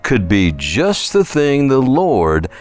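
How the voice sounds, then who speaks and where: A man's voice: mid-range voice, huge pitch swings, takes it slowly, darkish tone. A man with a New Orleans accent preaching a sermon, emphatic and full of pointed rhetorical questions.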